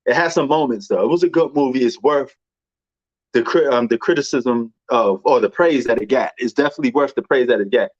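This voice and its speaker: A man's voice: mid-range voice, fairly quick, no echo. Slangy New York man, dull dry sound. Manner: slangy, rambling, many fillers. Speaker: movie commentator. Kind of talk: casual chat.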